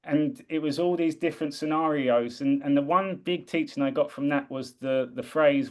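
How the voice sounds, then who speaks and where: A man from the UK with a slightly raised pitch, speaking in an earnest, reflective way. He often circles back and restarts his sentences as he gathers his thoughts. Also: moderate pace, few pauses, a little mellow. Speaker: guest. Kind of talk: casual conversation.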